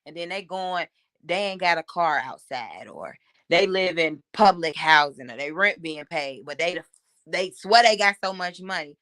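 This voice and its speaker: A woman, a podcast guest, chatting casually and telling animated stories, laughing often and doing voices. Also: on the low side, normal speed, no room sound, clean studio sound. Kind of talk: casual chat, storytelling.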